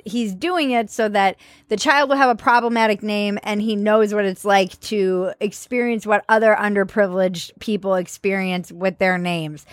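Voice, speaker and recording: A woman's voice: mid-range voice, dry recording, studio quality. A woman co-hosting a comedy podcast in casual chat, blunt and sarcastic, swearing freely. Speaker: podcast co-host.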